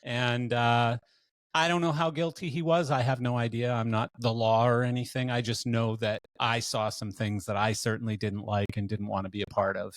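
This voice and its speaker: A man's voice: medium pitch, little pitch movement, normal speed, dry recording. A Canadian man hosting a podcast interview, telling long stories in a casual, rambling way full of fillers and restarts. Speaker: podcast host.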